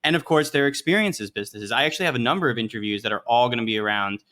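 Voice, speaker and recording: A man co-hosting a podcast, talking quickly and repeating words as he starts sentences. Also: medium pitch, bright, forceful tone. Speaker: podcast co-host. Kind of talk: casual podcast chat.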